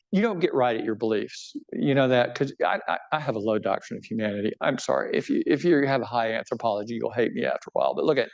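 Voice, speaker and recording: The audio is dull, and the man's mid-range voice carries a darkish tone. He is a bishop giving a relaxed, joking book talk in front of a live audience, regularly addressing his listeners and making light of himself.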